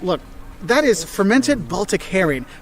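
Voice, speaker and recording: High, animated man presenting a travel video. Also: measured pace. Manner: lively, animated, jokey, exaggerated asides. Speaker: travel vlogger.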